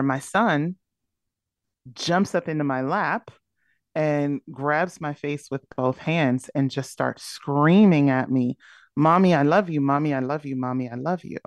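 A woman's voice: low voice, darkish tone, dry recording. A woman speaking as a podcast guest, candidly and reflectively telling a personal story. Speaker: podcast guest, burnout coach.

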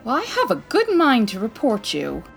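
A woman's voice: a little high, huge pitch swings, normal speed, vocal fry, faint music behind, full character voice. A woman playing a confident, breezy female private detective in 1940s radio style, arch and theatrical.

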